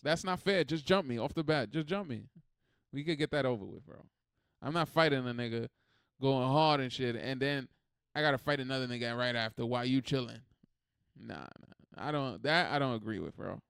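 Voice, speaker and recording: A man hosting a reaction video, talking in a rambling, animated, swearing way. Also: medium pitch, a little fast, creaky, smooth, no room sound, clean studio sound. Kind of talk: casual reaction commentary.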